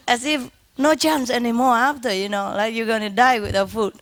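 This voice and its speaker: A woman's voice: a little high, normal speed, few pauses. A woman telling a story to an audience. She laughs often, repeats her words and stops to imitate sounds.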